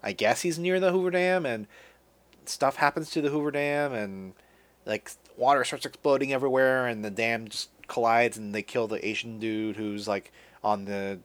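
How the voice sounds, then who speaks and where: A man hosting a podcast recaps a movie in casual conversation, using a mid-range voice at a moderate pace. His talk is full of restarts and casual cursing.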